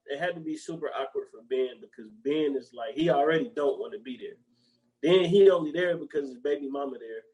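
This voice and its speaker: A man's voice: fairly high pitch, darkish tone, low-quality recording. Emphatic slangy man on a podcast. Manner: emphatic, slangy, swears freely. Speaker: podcast co-host. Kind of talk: casual movie-review chat.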